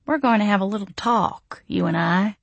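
A woman's voice: mid-range voice, normal speed, no room sound, muffled recording, close to an everyday voice. A sardonic male vampire , as a woman reads him in an audiobook. He mocks with a nasty, honeyed edge. Dry, close sound. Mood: sarcastic. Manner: mocking, sarcastic.

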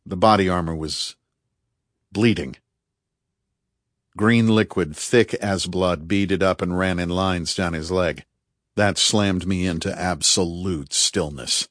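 Low-voiced man narrating tense fiction. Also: slow pace, fairly bright tone, no room sound, studio quality. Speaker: audiobook narrator. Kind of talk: first-person fiction narration.

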